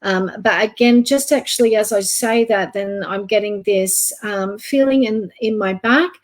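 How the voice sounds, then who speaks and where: A soft-spoken woman gives a live psychic reading online. She speaks gently and hesitantly, pausing on fillers as she goes. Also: medium pitch. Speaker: psychic reader.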